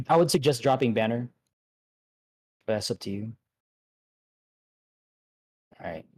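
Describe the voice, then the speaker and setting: A man leading an online game raid, giving relaxed instructions with many fillers and restarts. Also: mid-range voice, takes it slowly, creaky, slightly rough. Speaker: raid leader. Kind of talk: casual instructions over voice chat.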